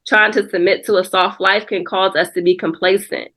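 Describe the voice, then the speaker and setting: A woman's voice: mid-range voice, fairly even intonation, normal speed, fairly bright tone. Reflective woman guest sharing testimony. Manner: reflective, testimonial, calls listener girl. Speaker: podcast guest. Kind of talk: casual faith podcast conversation.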